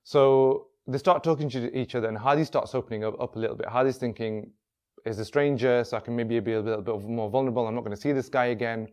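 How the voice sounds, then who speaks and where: A man's voice: medium pitch, steady tone, fast. Man telling a story casually. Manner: drops his voice quieter for quoted speech. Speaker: workshop speaker.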